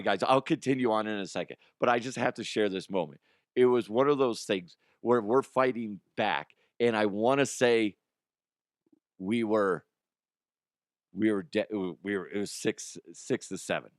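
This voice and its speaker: A man hosting a comedy show, his voice hoarse and strained, chatting casually in a rambling, excitable way and laughing often. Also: on the low side, no echo, studio quality. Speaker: comedy show host and youth baseball coach.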